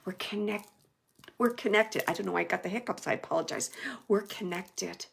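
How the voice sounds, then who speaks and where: Woman medium giving a live reading: chatty, lots of fillers, medium pitch, now and then dropping to a soft hush. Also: fairly quick, vocal fry, breathy edge. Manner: chatty, relaying messages with many fillers; drops to a soft hush at times.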